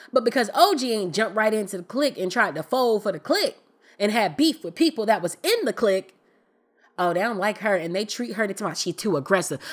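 A woman with a bright, clear voice talks straight into her own podcast. She is candid and emphatic and uses colloquial phrasing. Her delivery is relaxed but insistent. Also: on the high side. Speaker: podcast host. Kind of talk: casual opinion commentary.

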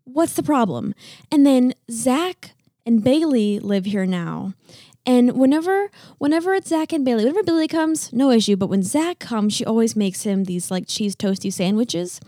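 A woman's voice: fairly high pitch, lively intonation, normal speed, mellow, dry recording, studio quality. A teenage girl co-hosting a podcast with her father, chatty, earnest and frank about home life. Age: teens. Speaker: podcast co-host. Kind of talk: casual family podcast chat.

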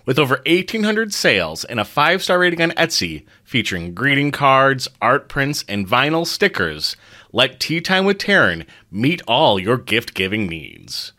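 A male podcast host with a bright, forward tone. His pitch swings widely as he banters and jokes. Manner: jokey, reads sponsor spots. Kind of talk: casual chat.

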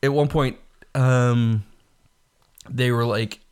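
A man in casual chat about movies, animated and quick to laugh, slipping into quotes of film lines. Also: mid-range voice, clear, resonant tone.

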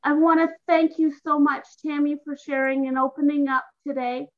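High-voiced nervous woman host. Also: steady tone, normal speed. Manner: nervous, warm thanks, hesitant. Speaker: podcast host. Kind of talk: casual interview chat. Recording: dull lo-fi audio.

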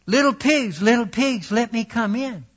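A big bad storybook wolf, put on by a man, raised high above his normal voice and booming loudly. He stretches out his threats slowly and shouts them. The recording is dull and lo-fi. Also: expressive, slightly rough, heavily acted. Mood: menacing. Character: big bad male wolf, loud and demanding.

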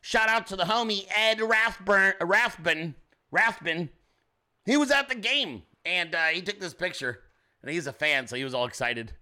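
A brash, foul-mouthed man hosts his own show, rambling through casual commentary and calling out to his chat viewers. His voice sits a little high and swings widely in pitch. The tone is bright and forceful. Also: lively intonation, moderate pace. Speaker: show host.

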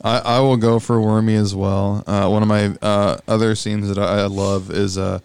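A man's voice: on the low side, flat delivery, moderate pace, darkish tone, smooth, no echo. A laid-back man co-hosting a casual podcast, now and then imitating cartoon screams. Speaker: podcast co-host. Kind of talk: casual chat.

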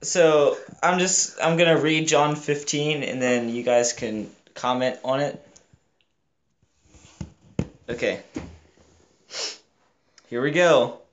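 A man's voice: a little high, slow, pauses often. A man with a Virginian accent in a casual group chat, laid-back and wry. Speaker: youth group member. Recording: dull lo-fi audio, faint noise.

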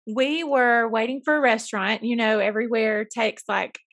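A woman with a Southern US accent co-hosts a casual podcast. Her voice sits fairly high, and she tells stories in a chatty, folksy way. The recording is dry and close, with no room sound. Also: moderate pace, fairly bright tone, no room sound. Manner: chatty storyteller, folksy phrases. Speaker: podcast co-host, school counselor. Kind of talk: casual chat.

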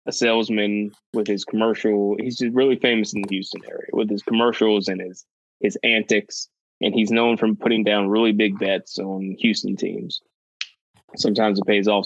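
Low-voiced man, dull lo-fi sound. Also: no room sound. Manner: rambling storyteller, many restarts. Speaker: podcast co-host. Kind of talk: casual chat.

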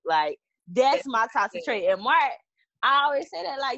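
Woman, high lively voice, playful teaser, dry close sound. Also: moderate pace, dry recording, lo-fi sound. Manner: playful, teasing, acts out little dialogues. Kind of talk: casual chat.

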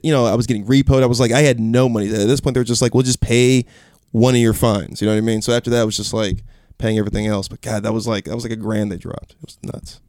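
Fast-talking man telling a story. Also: mid-range voice, dry recording, clean studio sound. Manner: animated, acts out quotes in raised voice, swears. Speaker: podcast guest. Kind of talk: casual storytelling.

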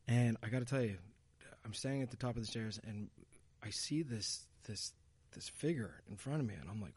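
A man's voice: mid-range voice, fairly quick, breathy edge, no room sound. A young man in casual chat, telling a long anecdote with many restarts and fillers.

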